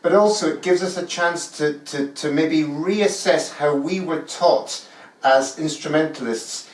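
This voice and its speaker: A man's voice: on the high side, a little slow. Man speaking in an echoey room. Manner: friendly, leads the conversation with questions. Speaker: orchestral musician and course tutor. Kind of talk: casual online talk. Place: room in rural France. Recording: roomy, distant mic.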